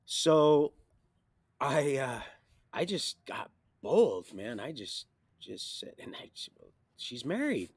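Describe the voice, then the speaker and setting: A man rambling through a personal life story on a livestream, jumping between loud bursts and quiet mutters. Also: medium pitch, animated, slow, slightly rough, no echo. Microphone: streaming mic.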